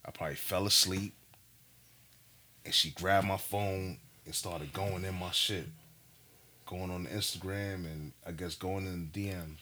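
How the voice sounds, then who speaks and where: A man telling a story in a casual chat, animated and profane, full of slang. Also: sits low, unhurried, slight background noise.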